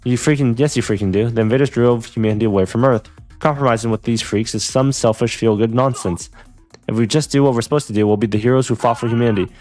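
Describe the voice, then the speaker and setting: A man's voice: mid-range voice, fast talker, darkish tone, natural voice. A man voicing a hot-headed, foul-mouthed young student fighter, crude and combative, over faint music. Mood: angry.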